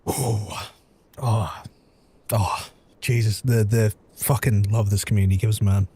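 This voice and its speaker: A man streaming live in casual chat, excitable and profane, stumbling over repeated words. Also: on the low side, takes it slowly, breathy edge. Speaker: livestreamer. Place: indoors at home.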